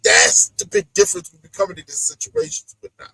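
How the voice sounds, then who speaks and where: A man with a strikingly high voice that leaps all over the place as he recaps a dating show. His tone is gravelly with a husky edge. The sound is dry and close, and he plays out each person he describes. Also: brisk, no echo, poor audio. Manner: animated, acts out the people he talks about. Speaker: podcast host. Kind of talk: casual reality-show recap chat.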